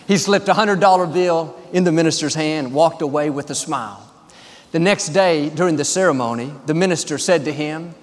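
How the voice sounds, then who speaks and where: A man's voice: on the high side, moderate pace. A man pastor delivering a sermon with an upbeat, repetitive preaching cadence in a large church. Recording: long hall reverb.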